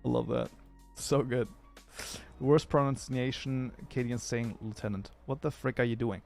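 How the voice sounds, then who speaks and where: A man streaming live, reading chat aloud and chatting casually while he works, thinking out loud and restarting his sentences. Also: medium pitch, steady tone, normal speed, creaky, faint music behind. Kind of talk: casual livestream chat while modding a game.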